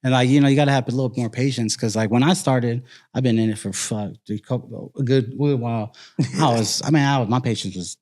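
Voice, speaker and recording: A man's voice: medium pitch, steady tone, fast, darkish tone. A man working as a nightclub security guard, chatting casually, laid-back, laughing often and swearing freely. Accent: Californian. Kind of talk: casual chat.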